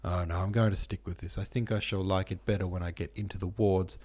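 A man's voice: deep voice, steady tone, a little fast, darkish tone. A man reading the part of an earnest, easily moved young male medical student, in an audiobook.

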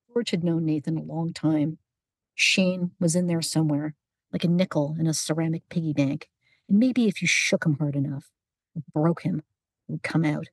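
A woman narrating a story in an even, unhurried storytelling manner. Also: deep voice, no echo, clean studio sound. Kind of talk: audiobook narration.

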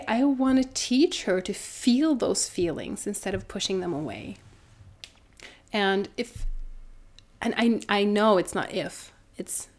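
A woman's voice: on the high side, a little mellow. A woman in her thirties, a mother and doula, telling her own story in an earnest, reflective way with many restarts. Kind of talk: personal storytelling in conversation.

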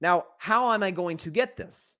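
Man, East Tennessee accent, podcast host, high-pitched, upbeat, stumbling restarts. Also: bright, forceful tone. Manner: upbeat, quick restarts and repeats. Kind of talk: casual sports podcast chat.

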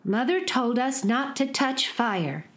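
A woman's voice: animated, slow pace, roomy sound. A woman reading aloud and voicing a group of small children speaking together eagerly. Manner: high, eager, chorused.

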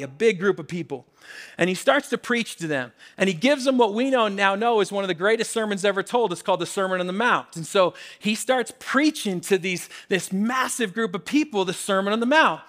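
A man's voice: high-pitched, fairly bright tone. A man preaching a sermon in an emphatic, conversational way, often repeating his phrases. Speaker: pastor.

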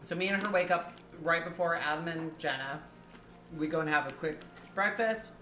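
A man's voice: fairly high pitch, moderate pace, pushed and bright, a little hiss or hum. A man co-hosting a podcast in chatty, emphatic casual conversation, with the occasional curse. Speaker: podcast co-host. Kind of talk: casual chat. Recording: roomy echo.

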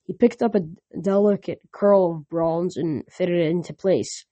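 A reader working through a novel aloud in the first person, often stumbling and restarting sentences. The voice is mellow and warm, recorded close and dry. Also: medium pitch, no room sound, dull audio. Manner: halting reading with frequent slips and restarts.

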